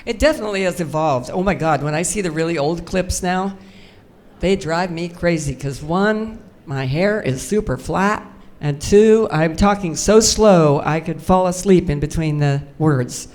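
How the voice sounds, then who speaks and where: A woman's voice: fairly low pitch, measured pace, darkish tone. An older woman telling anecdotes as a guest on a convention panel, chatty and self-mocking. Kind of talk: storytelling on a fan panel. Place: convention stage before a live audience.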